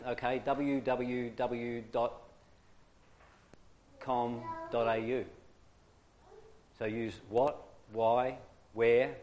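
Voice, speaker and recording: A man teaching a church training class, his voice at an ordinary middle pitch. He talks in a lively, coaxing way and keeps checking in with his listeners. A faint hum of noise sits behind him.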